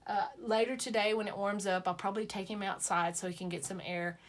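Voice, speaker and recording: A woman's voice: medium pitch, steady tone, a little fast. A woman chatting playfully to her viewers, full of self-mocking asides. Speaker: sewing vlogger. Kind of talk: casual chat to camera.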